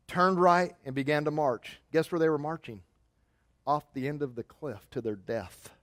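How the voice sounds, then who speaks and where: Animated storytelling preacher, dry sound. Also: male voice, a little high, no room sound. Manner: animated storytelling, swinging between loud and soft. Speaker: pastor. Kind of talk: sermon.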